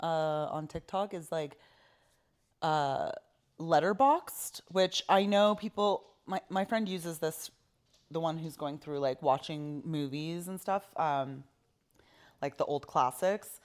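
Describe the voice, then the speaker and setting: A woman co-hosting a podcast in casual chat, rambling and relaxed with many fillers. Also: low-pitched, slow pace. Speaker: podcast co-host.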